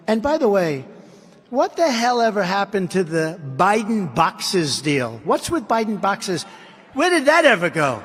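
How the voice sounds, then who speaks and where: A man with a notably high voice delivers a campaign rally speech from a podium microphone. He is combative and repeats his points, with sarcastic asides. His words ring through a large arena with a long reverb. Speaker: politician addressing a rally.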